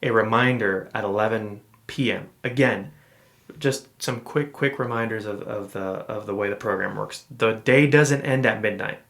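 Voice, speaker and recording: A man co-hosting a podcast, telling a personal story in a relaxed, rambling way with many fillers and restarts. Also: on the low side, moderate pace. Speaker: podcast co-host. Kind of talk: casual storytelling chat.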